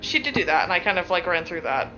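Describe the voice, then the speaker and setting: A woman's voice: fairly low pitch, very animated, fast, bright, forceful tone, muffled recording, soft background music. A woman who plays in a tabletop game, recapping a session casually, rambling and laughing, with lots of filler words.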